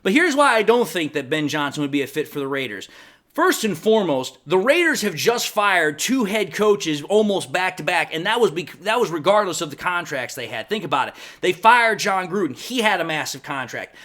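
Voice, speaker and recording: A man's voice: sits high, sing-song, moderate pace, a bit bright. A man hosting a fan channel, giving casual, opinionated football commentary and sometimes tripping over his words. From Detroit Lions fan. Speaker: sports fan channel host. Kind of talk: casual sports commentary vlog.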